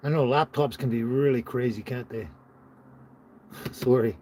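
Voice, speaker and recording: A man's voice: medium pitch, a little slow, background noise. Flustered man chatting on a live stream. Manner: flustered, rambling, laughs often, greets viewers by name. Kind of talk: casual live-stream chat. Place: inside his camper van.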